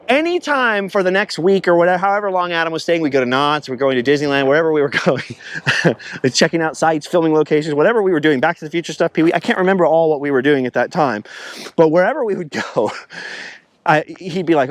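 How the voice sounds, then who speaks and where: Male travel vlogger, casual rambling storyteller, high and very lively voice. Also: quick pace. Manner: rambling, animated storytelling, slips into impressions. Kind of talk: casual storytelling while driving.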